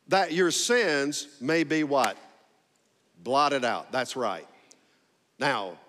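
A man's voice: medium pitch, fairly bright tone. A man preaching a sermon to a congregation, drawing out emphatic phrases and calling for responses. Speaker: pastor. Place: church sanctuary. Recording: long hall reverb.

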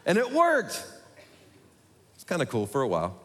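A man preaching a sermon to his congregation, talking quickly with self-deprecating humor. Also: a little high, huge pitch swings, fairly bright tone. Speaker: pastor. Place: church sanctuary. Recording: echoey hall.

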